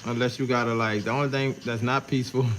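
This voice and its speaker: A man's voice: medium pitch, level tone, fast talker, a bit bright, slight background noise, poor audio. A man with a New Orleans accent, a tattoo artist chatting casually with viewers on a livestream while he works in his shop. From New Orleans, Louisiana. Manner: laid-back, slangy, greets chat viewers.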